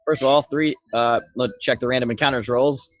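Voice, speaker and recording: A man narrating a tabletop game as game master, talking haltingly with many fillers. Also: mid-range voice, fairly even intonation, slight background noise.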